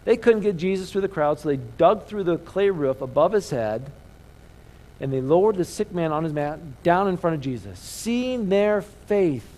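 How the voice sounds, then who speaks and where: On a poor-quality recording, a pastor with a fairly high, slightly mellow voice speaks at a moderate pace with lively intonation. His sermon is chatty and call-and-response, full of rhetorical questions and prompts for listeners to repeat important words.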